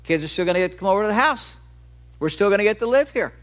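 A man's voice: sits high, expressive, rapid-fire, a bit bright. A male preacher giving a sermon in a conversational way. He explains with everyday examples and stretches key words for emphasis.

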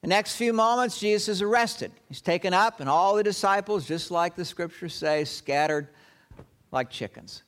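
A man delivers a sermon, retelling a story with dramatic pauses and acting out the quoted lines. His voice is high-pitched and a bit bright.

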